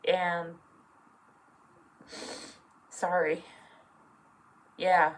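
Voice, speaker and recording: A young adult with a feminine voice opens up in a personal vlog, speaking slowly and haltingly. The talk is earnest and full of fillers, and the emotion sometimes pushes close to tears. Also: female voice, fairly low pitch, steady tone, poor audio. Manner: emotional, near tears at times. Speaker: vlogger.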